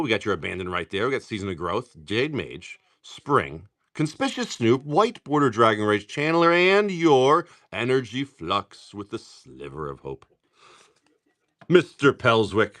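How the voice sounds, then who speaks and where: Opening card packs on his live stream, this middle-aged host chats casually in a medium-pitched, slightly bright voice. He runs through card names quickly, breaking them up with jokey anecdotes.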